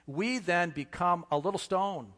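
A man's voice: high-pitched, fairly bright tone. Earnest preaching man in a reverberant hall. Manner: earnest preaching with slow emphatic pauses and repetitions. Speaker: pastor. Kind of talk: sermon.

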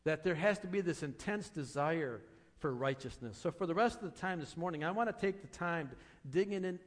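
A man preaching a sermon as pastor, earnest, asking rhetorical questions and repeating phrases for emphasis. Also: fairly high pitch.

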